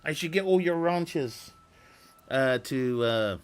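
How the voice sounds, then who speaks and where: A man's voice: fairly high pitch, animated, slow, clean tone. A man chatting casually with viewers on a live stream, rambling, swearing freely and laughing often.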